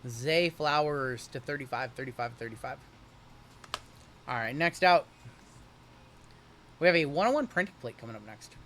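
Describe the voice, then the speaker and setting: A young man hosting a live-streamed card break, joking and hyping each pull in rapid running banter. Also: medium pitch, animated, a bit bright, a little hiss or hum.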